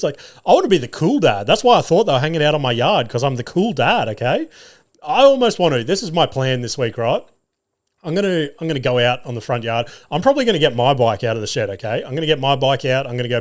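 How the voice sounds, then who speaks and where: A man, hosting a solo podcast and telling sweary, animated stories about family life. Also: mid-range voice, fairly quick. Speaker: podcast host.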